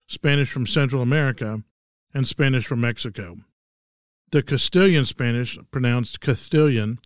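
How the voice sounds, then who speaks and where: Here a sixty-something host with a Texan accent performs a scripted solo monologue marked by wry, dry humor. His ordinary-pitched voice is smooth and resonant, captured in a dry recording without any room sound.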